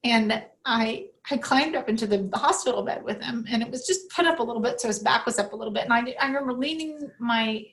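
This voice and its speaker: Earnest storytelling woman, higher voice. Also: fairly quick, few pauses. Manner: earnest, animated, acts out the voices in her story. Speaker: podcast guest. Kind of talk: emotional personal storytelling.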